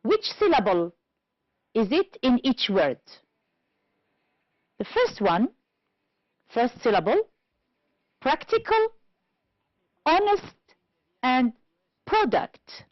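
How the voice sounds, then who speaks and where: A woman from Algeria teaching an English lesson on television, speaking slowly and clearly and stressing each word for learners. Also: on the high side, big pitch swings, no echo, muffled recording. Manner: slow, clear teacherly delivery, stressing words.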